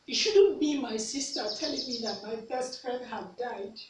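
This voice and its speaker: A woman's voice: a little high, normal speed. A Nigerian woman vlogger telling a personal story, earnest, repeating herself for emphasis. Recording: echoey room, mic at a distance, faint noise.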